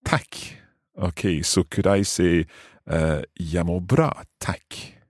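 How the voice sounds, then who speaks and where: A man hosting a language lesson, asking questions and slowly repeating new phrases, often chuckling. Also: sits low, fairly even intonation, darkish tone, no room sound, studio quality. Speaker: podcast host and learner.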